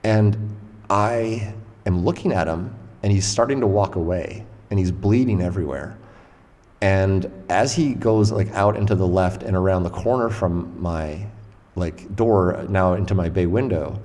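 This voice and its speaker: A man hosting a casual podcast conversation, telling a story in an animated way and swearing freely. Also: low-pitched, moderate pace. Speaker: podcast host and interviewer. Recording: long room reverb.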